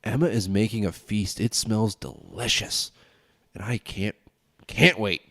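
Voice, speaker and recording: Solo podcast host, male, lowish voice, loose and sweary, stuffed up. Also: unhurried, vocal fry, fairly bright tone, no room sound, studio quality. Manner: ranting, swearing, tipsy and loose. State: stuffed-up nose. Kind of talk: casual rambling solo podcast.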